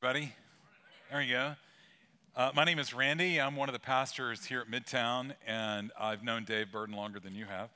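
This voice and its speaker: A man's voice: medium pitch, steady tone, a little fast, sharp tone, clear, resonant tone. A middle-aged male pastor giving a sermon in a church, talking in a casual, joking way and telling a story. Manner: conversational storytelling with humor. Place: church sanctuary.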